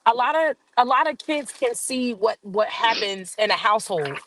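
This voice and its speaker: A woman's voice: a little high, animated, normal speed, a bit bright, slight background noise, rough recording. A woman panelist sharing her view in casual discussion, often restarting phrases as she talks.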